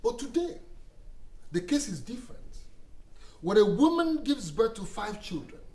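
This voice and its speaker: A suspicious Nigerian husband argues in a high, lively voice. He talks hotly and defensively. The room adds a clear echo and a faint noise. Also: moderate pace. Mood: lecturing. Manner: argumentative, heated. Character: suspicious husband accusing his wife.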